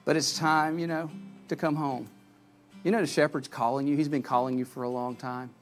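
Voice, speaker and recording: A pastor giving a sermon, earnest, rising to loud calls and dropping to soft pleading at the altar call. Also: male voice, a little high, level tone, fairly quick, faint music behind.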